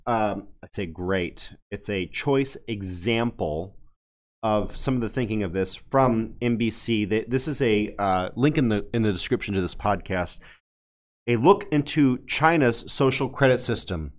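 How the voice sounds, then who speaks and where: A man hosts a casual podcast panel in a fairly low voice. He talks in a folksy, easygoing way, often restarting a phrase and dropping in fillers as he introduces his guests. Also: animated, measured pace. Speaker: podcast host.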